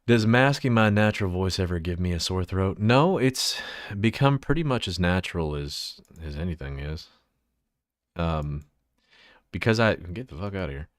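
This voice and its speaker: A low-voiced man on a livestream, talking loosely and profanely while he tinkers with his setup. His pitch swings widely and he laughs easily. The sound is dry and close, with no room around it. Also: animated, normal speed, dry recording. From Central Texas. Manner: loose and profane, laughs often, talks while fiddling with settings. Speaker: livestreamer showing his avatar model. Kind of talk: casual livestream chat.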